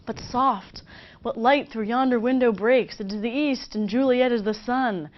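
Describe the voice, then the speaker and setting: A woman voicing young Romeo, reading verse in a soft, theatrical way. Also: fairly high pitch, normal speed, pitched above the performer's own voice, natural voice. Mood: dreamy. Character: young man Romeo, dreamy and lovestruck. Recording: slightly dull lo-fi recording.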